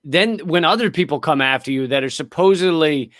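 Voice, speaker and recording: A man who is a guest comedian, telling stories quickly and loosely in a casual chat. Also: fairly high pitch, lively intonation, fairly bright tone, dry recording, clean studio sound. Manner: rapid, storytelling, loose.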